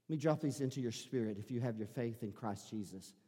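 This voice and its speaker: A male pastor preaching a sermon, repeating his phrases and building up to shouting. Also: medium pitch, fast, breathy edge, in a large hall. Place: church sanctuary.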